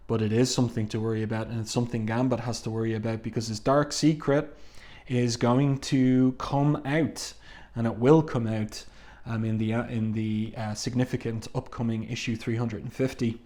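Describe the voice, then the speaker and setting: A man's voice: steady tone, moderate pace. A man casually reviewing a comic book, reading its dialogue aloud with many fillers and restarts. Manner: reads dialogue aloud in a low, hushed tone, with fillers.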